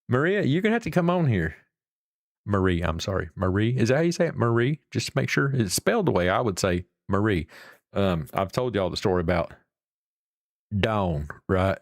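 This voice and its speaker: A man's voice: on the low side, very animated, moderate pace, dry recording, clean studio sound. A middle-aged man, chatting casually and rambling to his livestream viewers. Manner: rambling, folksy, swears casually. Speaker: livestream host.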